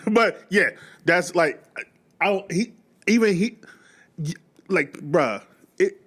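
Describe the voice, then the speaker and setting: A man reacting to a video in loose, rambling casual chat, breaking into laughter and restarting his sentences. His voice sits a little high and swings lively in pitch as he gets worked up. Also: slow, slightly rough.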